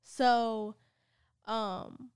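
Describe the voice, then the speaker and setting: A woman in her twenties co-hosting a podcast, chatting casually with lots of laughter and animated storytelling. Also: fairly high pitch, very slow, clean tone. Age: 20s. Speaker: podcast co-host. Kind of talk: casual chat.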